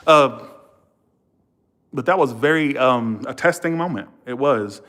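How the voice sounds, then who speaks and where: A man's voice: medium pitch, measured pace, long pauses. A man, a tarot reader hosting a livestream, telling stories with feeling and swearing freely. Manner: animated, emotional, swears freely; thanks viewers warmly and repeatedly. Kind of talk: casual livestream storytelling.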